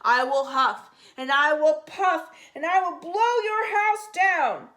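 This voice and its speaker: A woman voicing a hungry, blustering male magic shark in a read-aloud storybook, loud and threatening. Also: very high-pitched, big pitch swings, normal speed, pitched above the performer's own voice, heavily acted.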